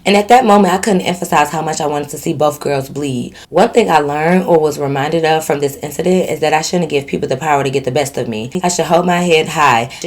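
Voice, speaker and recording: Woman vlogger, lowish voice, storytime reader with sassy teasing commentary. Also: brisk, hardly any pauses. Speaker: channel host. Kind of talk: reading a viewer's story aloud with commentary.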